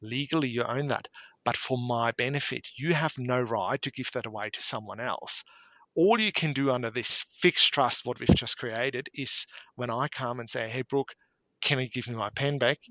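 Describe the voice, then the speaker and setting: A man's voice: medium pitch, normal speed, sharp tone, no room sound. A man, an accountant guest on a podcast interview, explaining with homely anecdotes and examples.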